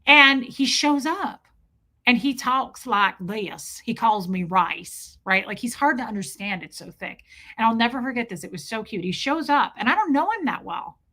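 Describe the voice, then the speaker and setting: A woman's voice: on the high side, expressive, normal speed, bright, forceful tone. A woman, telling a personal story to her viewers in a chatty, emotional way, full of "like". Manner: chatty, heavy use of "like", emotional. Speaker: vlogger.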